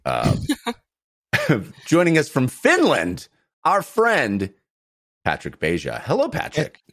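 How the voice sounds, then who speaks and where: A man's voice: mid-range voice, huge pitch swings, takes it slowly. A man hosting a games podcast, joking and rambling through casual chat and segment introductions. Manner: jokey, rambling, warm segment reads. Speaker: podcast host.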